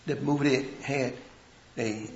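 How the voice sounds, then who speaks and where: A man preaching a sermon in a folksy way, dropping to a hush and then rising to shouts. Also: medium pitch, fairly even intonation, a little slow, echoey room, dull audio. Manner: swings from hushed to shouting, folksy grammar.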